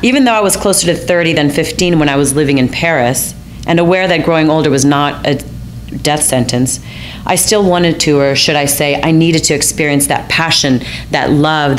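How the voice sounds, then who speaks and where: A woman's voice: low voice, slight background noise. An American woman telling a personal story in a wry, self-mocking, theatrical manner. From United States.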